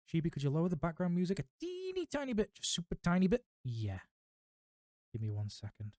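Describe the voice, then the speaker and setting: A man reading a book aloud on a livestream, with relaxed, chatty asides to his viewers. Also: sits high, a little fast, no room sound, studio quality. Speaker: livestream reader.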